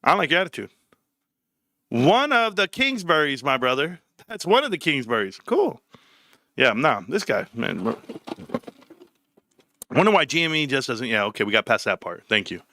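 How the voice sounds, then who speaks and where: Male stream host, loose and profane, bright and lively, bone-dry sound. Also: mid-range voice, normal speed, long pauses, no echo. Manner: animated, profane banter with chat. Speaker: livestream host. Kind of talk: casual livestream chat.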